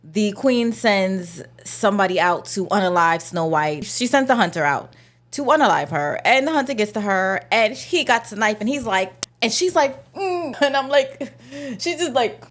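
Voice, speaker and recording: A woman's voice: medium pitch, expressive, normal speed, a bit bright. A young adult woman ranting casually about a movie, sarcastic and slangy, mocking the characters in exaggerated voices. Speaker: movie reviewer. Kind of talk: casual vlog rant.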